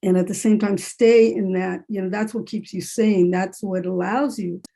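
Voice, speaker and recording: A woman's voice: mid-range voice, fairly even intonation, normal speed, vocal fry, warm tone. A woman who is a writer and English professor, talking candidly in a panel discussion over a video call and repeating phrases for emphasis.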